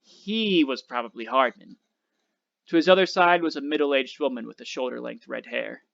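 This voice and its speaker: Male teacher reading a novel aloud, steady and expressive, bright and gravelly voice. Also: medium pitch, moderate pace, lo-fi sound.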